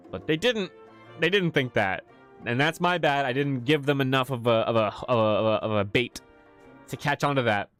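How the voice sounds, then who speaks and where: Man, game master, relaxed chatty livestream talk, mid pitch, faint music behind. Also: normal speed. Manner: relaxed and chatty, laughs at himself. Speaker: game master and channel host.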